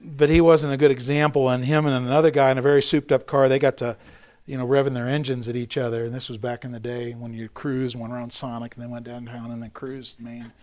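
Speaking quickly at a medium pitch, a middle-aged man gives a sermon as a pastor. His style is casual and humorous, mixing self-mocking remarks with vivid, energetic stories.

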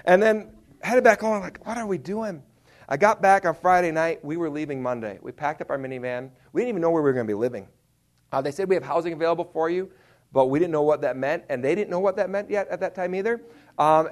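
A man telling a humorous story in a sermon as a preacher, animated and self-deprecating, acting out his own reactions. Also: fairly high pitch.

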